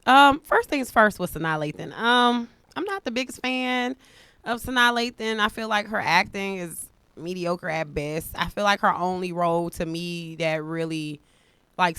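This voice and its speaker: A blunt, animated woman co-hosting a podcast, her bright voice sitting a little low. She talks in casual chat and slips into mocking voices. The sound is dry and close. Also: clear, resonant tone, no echo. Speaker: podcast co-host.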